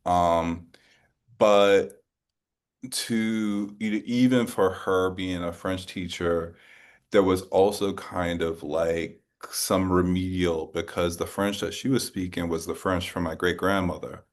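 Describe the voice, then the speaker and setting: A man from New Orleans, USA, hosting an interview, has a deep, steady voice. His conversational questions come out haltingly, reshaped and rephrased many times.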